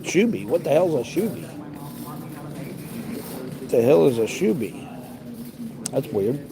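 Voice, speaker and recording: A man's voice: medium pitch, very animated, a little slow, crowd noise. A man chatting casually with a live audience while picking a shopping order in a large store, joking and mildly exasperated. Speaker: livestreaming grocery shopper.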